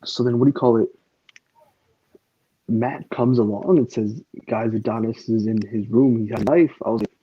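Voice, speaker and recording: A man's voice: on the low side, fairly even intonation, a little fast, warm tone. A man hosting a casual podcast chat, rambling and swearing freely, with plenty of fillers. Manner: rambling and profane, stacked with fillers. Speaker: podcast host. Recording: dull lo-fi recording.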